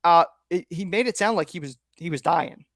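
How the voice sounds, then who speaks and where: Lively storytelling man, higher voice. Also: moderate pace, dry recording, studio quality. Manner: lively storyteller who laughs often. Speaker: podcast co-host. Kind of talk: casual chat, anecdote telling.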